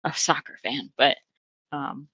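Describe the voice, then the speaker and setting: A woman's voice: a bass voice, measured pace, bright, forceful tone, husky, no echo. A woman guest on a podcast in casual chat, hedging and thoughtful, with many fillers.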